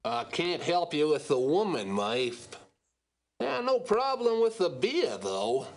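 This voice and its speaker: A bloated, good-natured mutant diner owner, speaking with an accent and a wildly swinging pitch. He chats like a barkeep who knows every regular. The delivery is classic 1990s adventure-game voice acting. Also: wildly swooping pitch, slow, full character voice. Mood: friendly. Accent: unnamed foreign-sounding accent. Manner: friendly, chatty barkeep.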